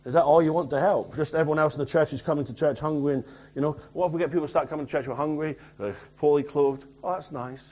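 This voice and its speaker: A man preaching a sermon as a pastor, swinging from loud urgent lines to quiet near-mutters. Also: fairly high pitch, fairly even intonation, racing, dull audio.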